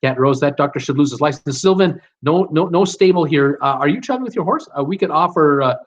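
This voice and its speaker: A man's voice: on the high side, animated, quick pace. Lo-fi man reading live chat. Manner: reads out viewer comments and replies with fillers and restarts. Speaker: live-stream host reading viewer chat. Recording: dull lo-fi stream audio.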